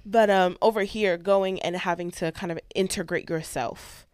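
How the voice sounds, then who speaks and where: A woman's voice: on the low side, steady tone, normal speed, darkish tone, smooth, no room sound, clean studio sound. Playful, teasing woman co-host. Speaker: podcast co-host. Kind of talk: casual faith chat.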